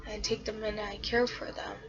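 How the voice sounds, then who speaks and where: A woman's voice: medium pitch, little pitch movement, fast talker, a crowd in the background, lightly acted. A woman voicing a pleading animatronic man. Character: scheming male animatronic posing as a foster carer. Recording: dull lo-fi recording.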